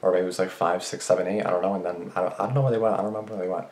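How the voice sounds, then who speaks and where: A man's voice: deep voice, fairly even intonation, racing, darkish tone. A young man vlogging, rambling through anecdotes with lots of restarts and swearing. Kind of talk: casual rambling storytelling. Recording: roomy echo.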